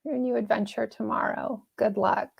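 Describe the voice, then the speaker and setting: A woman's voice: fairly high pitch, fairly even intonation, moderate pace, creaky, husky. A woman hosting a casual live-streamed pep talk, chatty and upbeat, laughing often and reading viewer comments aloud.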